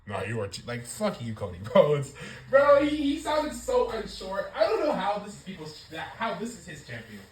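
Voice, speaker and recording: A woman reviews last night's wrestling in a casual, swear-filled rant. Her voice swings widely in pitch as she gets worked up, at a mid pitch overall. The room around her is echoey. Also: normal speed, slight background noise. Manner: profane, animated ranting.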